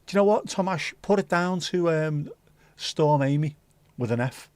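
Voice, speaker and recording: A man's voice: fairly high pitch, lively intonation, normal speed, a little mellow, dry recording. A man hosting a livestream, rambling and swearing casually as he answers viewers' comments. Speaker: livestream host. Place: home livestream setup.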